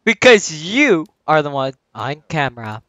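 A man's voice: a little high, sing-song, measured pace, sharp tone, no echo. A young man chatting casually while playing a game with a friend, directing him and laughing often. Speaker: gamer.

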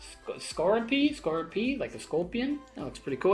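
Lively young woman swearing through pack openings. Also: mid-range voice, moderate pace, hardly any pauses, faint music behind. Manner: excitable, swears a lot, chatty asides to viewers. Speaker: channel host opening card packs. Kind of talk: casual pack-opening commentary.

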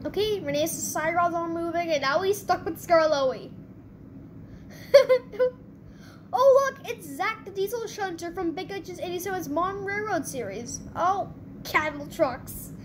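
A woman hosting her channel, giving excitable gameplay commentary with quick reactions. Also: very high voice, noisy background. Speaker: channel host.

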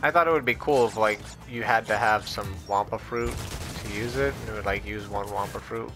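A man's voice: fairly low pitch, fairly quick. A man giving playful, rambling commentary while playing a video game, muttering to himself and making silly noises. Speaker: gaming YouTuber. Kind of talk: casual gameplay commentary. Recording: game music playing under voice.

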